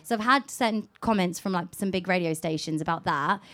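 A woman's voice: on the low side, brisk, fairly bright tone. A woman from England, a radio presenter, talking candidly and with energy on a live panel, laughing often. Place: live event venue.

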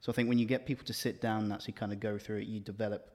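A man with a low voice talks fast and matter-of-factly as he points out a script's flaws. His voice carries a long hall reverb. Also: little pitch movement, a little mellow. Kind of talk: casual chat.

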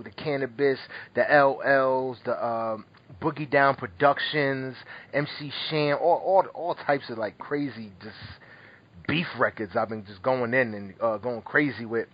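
A man's voice: medium pitch, normal speed, muffled recording. A man hosting a podcast in casual chat, laughing and rambling, a little tipsy after a couple of drinks. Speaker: podcast host.

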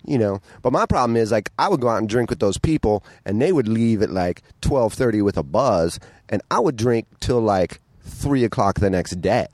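A man's voice: medium pitch, expressive, brisk, hardly any pauses, darkish tone, dry recording. A man guest in a casual chat, talking bluntly and candidly and swearing often. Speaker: podcast guest.

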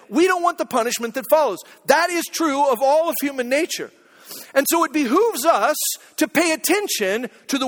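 A man's voice: very high-pitched, a bit bright, big-room sound. A middle-aged male pastor preaching a sermon in a conversational storytelling manner, often checking in with listeners, in a church.

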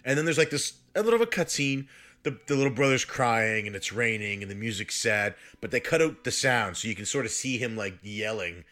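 A man with a bright, forceful voice tells a story in loose, casual conversation. He is animated, swears freely and laughs through his words. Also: mid-range voice, brisk. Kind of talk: casual storytelling among friends.

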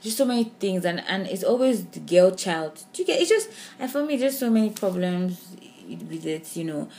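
A Nigerian woman talks through a podcast discussion in a somewhat low voice, animated and full of restarts. She keeps checking in with her listener. There is a faint hum of room ambience behind her. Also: normal speed, creaky. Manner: animated, with frequent restarts and "do you understand?". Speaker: podcast co-host. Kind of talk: casual discussion.

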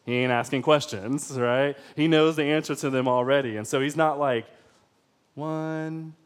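A man's voice: medium pitch, fairly even intonation, a little fast. A man preaching a sermon in a casual, conversational way, often putting questions to the congregation. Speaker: pastor.

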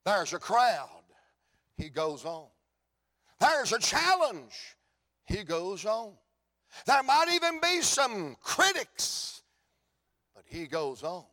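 A man's voice: high voice, a bit bright. A man preaching a sermon in church with a fervent, repetitive cadence. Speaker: pastor.

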